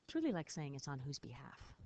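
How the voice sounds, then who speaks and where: A woman's voice: extremely low pitch, huge pitch swings, a little fast, warm tone. A woman teacher patiently explaining French phrases in a recorded lesson, spelling words out.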